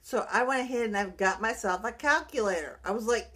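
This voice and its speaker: A middle-aged woman, a brain injury survivor, talking earnestly about her recovery in a halting way, often restarting her sentences. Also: fairly high pitch, fairly bright tone. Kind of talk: personal vlog monologue.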